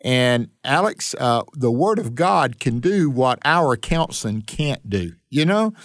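Pastor guy hosting a bible show on radio, earnest preachy emphasis, mid-pitched voice. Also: very animated, takes it slowly, a bit bright. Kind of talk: radio Bible study talk.

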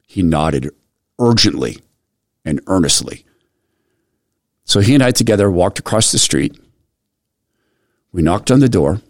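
A middle-aged male radio host telling a personal story in an animated way, often restarting his sentences. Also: low voice, unhurried, long pauses, dry recording, clean studio sound. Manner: animated retelling with repeated restarts. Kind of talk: storytelling monologue.

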